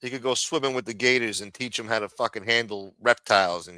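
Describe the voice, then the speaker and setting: A crude, sarcastic livestream host from New rambles through his rants. His tone is sharp and bright, and his voice sounds close and dry. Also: on the low side, quick pace, hardly any pauses, clean tone, no room sound. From New York. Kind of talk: profane ranting livestream chat.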